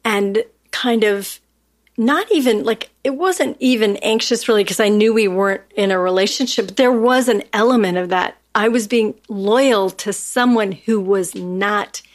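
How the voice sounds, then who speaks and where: A woman's voice: medium pitch, unhurried. A woman co-hosting a relationship podcast, talking in a reflective, casual way with restarts. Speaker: podcast co-host. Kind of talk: casual chat.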